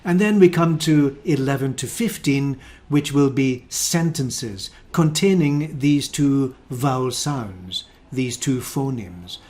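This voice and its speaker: A Scottish man teaches English pronunciation at a very slow, careful pace. He models each example word separately in a mid-pitched voice. His delivery is clear and deliberate, as in a lesson. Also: a little mellow. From Scotland.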